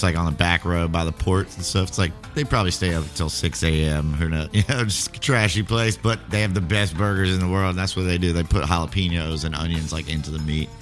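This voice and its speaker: A man co-hosting a casual podcast chat, laid-back and rambling, full of filler words. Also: sits low. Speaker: podcast co-host.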